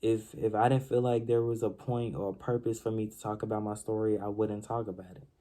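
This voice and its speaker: A man's voice: lowish voice, flat delivery, fairly quick, warm tone. A young man telling his own life story in an earnest, personal monologue, often repeating phrases and restarting his sentences.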